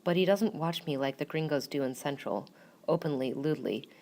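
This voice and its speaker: Low-voiced woman reading a first-person story. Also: expressive, normal speed, darkish tone. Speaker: narrator.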